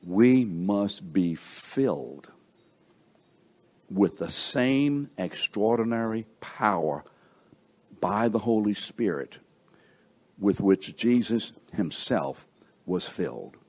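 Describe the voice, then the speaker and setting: A middle-aged man preaching a sermon at an unhurried, deliberate pace. He leans on words with sudden lifts and drops in pitch and volume. He keeps putting rhetorical questions to his listeners. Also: animated, darkish tone. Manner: slow, emphatic preaching with wide swings in pitch and volume; asks the congregation rhetorical questions.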